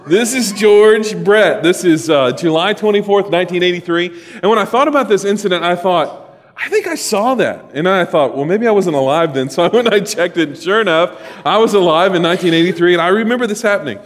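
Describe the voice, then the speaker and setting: A man in his forties preaching a sermon in a church, joking and telling stories to the congregation. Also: high-pitched. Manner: joking, storytelling, talks to congregation. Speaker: pastor. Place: church sanctuary. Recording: long hall reverb.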